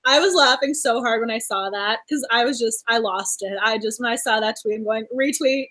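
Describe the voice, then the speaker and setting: A woman's voice: a little high, a little fast, sharp tone. A woman chatting about a romance novel in a book club discussion on a video call, gushing and laughing often. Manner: gushing, laughs often, acts out her reactions.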